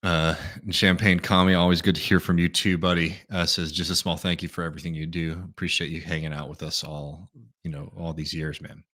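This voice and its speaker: Deep-voiced guy doing a chill live q&a, reads chat and rambles thru answers. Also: fairly quick. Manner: relaxed, thinks aloud with many fillers. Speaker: livestream host answering viewer messages. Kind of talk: casual live Q&A commentary.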